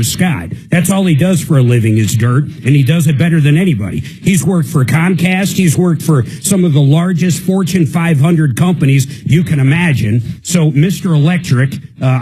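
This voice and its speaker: A man's voice: fairly high pitch, darkish tone, slightly rough, poor audio. A male radio host on a live consumer call-in show, talking in a fired-up, indignant rant. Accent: American.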